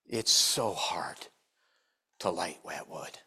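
A man's voice: takes it slowly, husky, whispered. An older man preaching a sermon in church, telling stories and acting out the people he quotes with big jumps in his voice. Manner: animated storytelling, acts out quotes with big pitch jumps.

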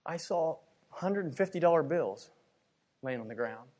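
A middle-aged man from Pennsylvania preaching a sermon, telling a personal story with emotion and repeating his words as he swings from hushed to loud. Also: a little high, lively intonation, normal speed.

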